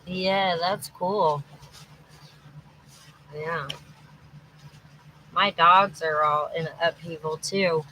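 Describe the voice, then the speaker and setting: A woman's voice: on the low side, steady tone, drawn-out words, long pauses, sharp tone, a little hiss or hum, rough recording. An exhausted, anxious woman rambling through a live-stream monologue, restarting her sentences as she goes. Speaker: livestreamer. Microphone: phone or webcam livestream.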